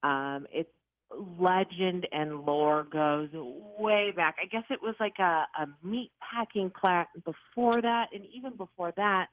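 A woman in her fifties from the Chicago area, a paranormal investigator telling her stories in an interview with lively, dramatic, self-mocking delivery. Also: fairly low pitch, takes it slowly, no room sound. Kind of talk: animated storytelling interview. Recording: tinny phone-like line, dry.

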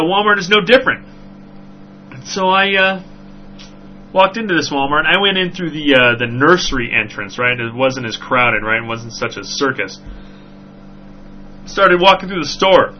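Man, podcast host, rambling casual storytelling, slightly high voice, dull lo-fi sound, faint hum. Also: moderate pace. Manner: rambling, animated, frequent "right?" asides.

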